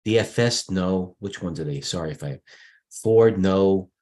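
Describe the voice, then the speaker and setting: A man's voice: low-pitched, unhurried, darkish tone. A middle-aged man hosting a live market stream, rambling through charts with restarts and fillers. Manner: rambling, thinks aloud, frequent restarts and fillers. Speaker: stock market livestream host. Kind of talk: casual market commentary over charts.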